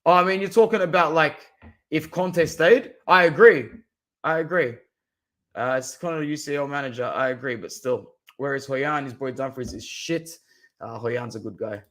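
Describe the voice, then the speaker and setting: A man's voice: medium pitch, moderate pace. A young Australian man from Southwest Sydney, ranting in casual live-stream chat as a football fan streamer, swearing and saying bro. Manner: animated, swearing, ranting, calls viewers bro.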